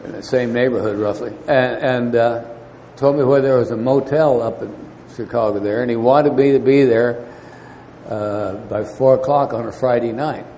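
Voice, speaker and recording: A man's voice: medium pitch, warm tone. Man with hesitant delivery in a reverberant hall. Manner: halting, many fillers and restarts. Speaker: recovery meeting speaker. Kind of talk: storytelling talk. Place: meeting hall. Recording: faint noise, long hall reverb.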